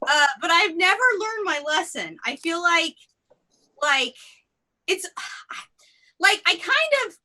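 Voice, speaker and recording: On a theatre stage, a woman performs improvised stand-up, rambling self-deprecatingly with plenty of fillers and tangents. Her very high-pitched voice is sing-song, bright and forceful, and she speaks slowly, pausing often.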